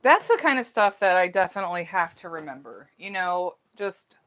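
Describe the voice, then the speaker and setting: Hosting a live stream from her home, a middle-aged woman reads out viewer comments and muses about her life in a chatty, self-reflective way, full of fillers and restarts. Her somewhat low, slightly bright voice is expressive and moves at a moderate pace.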